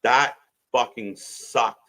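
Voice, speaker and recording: A man's voice: medium pitch, extremely slow, pushed and bright. A man co-hosting a live wrestling watch-along, blunt and disgusted, swearing heavily. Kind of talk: profane live commentary chat.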